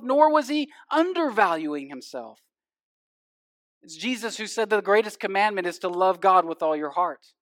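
Animated male pastor preaching. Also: high-pitched, no echo, clean studio sound. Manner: animated preaching, swinging from loud emphasis to hushed intensity. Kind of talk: sermon.

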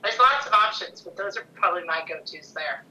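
A woman's voice: fairly low pitch, animated, fairly quick, bright, forceful tone, recorded from a distance, highs cut off. Enthusiastic woman, slightly off-mic. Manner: enthusiastic, laughing often. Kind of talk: casual chat.

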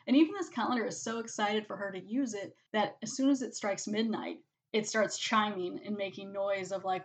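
Chatty woman recapping a movie, says like a lot, does little character quotes, middle pitch. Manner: chatty, full of "like", acts out characters' lines in quick quotes. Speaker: movie reviewer. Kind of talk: casual spoken movie review.

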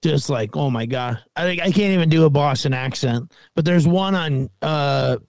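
A man's voice: fairly high pitch, moderate pace, gravelly, darkish tone, no room sound. A man co-hosting a podcast in casual chat, wry and teasing, firing off questions. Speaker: podcast co-host.

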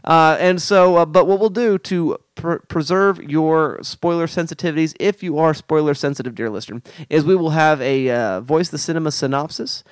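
A man from Oklahoma co-hosting a casual film analysis podcast, animated and jokey with playful asides. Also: a little high, normal speed, hardly any pauses, clear, resonant tone, no room sound, clean studio sound. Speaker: podcast co-host.

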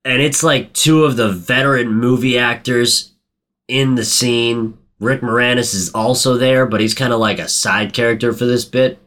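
A man in loose casual chat with a bright, forceful voice. He rambles and swears freely, and jumps into acting out the scenes he describes. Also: medium pitch, steady tone. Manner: profane, rambling, quick to act out lines. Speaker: podcast co-host recapping a movie.

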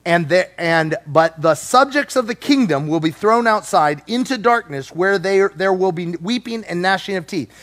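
A man preaching a sermon, animated and playful, acting out voices as he teaches. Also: high voice, normal speed, few pauses.

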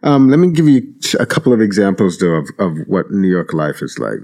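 A man's voice: low-pitched, big pitch swings, brisk, a little mellow. A man co-hosting a casual talk podcast, telling stories loosely with many fillers and restarts. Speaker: podcast co-host. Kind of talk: casual conversation.

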